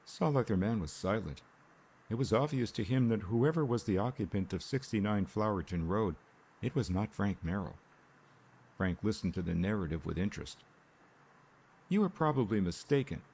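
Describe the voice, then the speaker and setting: A man narrating an audiobook in a measured, steady way. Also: lowish voice, vocal fry, husky. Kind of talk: scripted narration.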